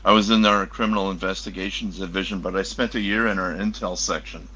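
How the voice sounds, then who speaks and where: Bright-voiced man, low and hesitant. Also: fast, slight background noise, low-quality recording. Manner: hesitant starts, then animated. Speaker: podcast guest, former customs officer. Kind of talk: casual podcast chat.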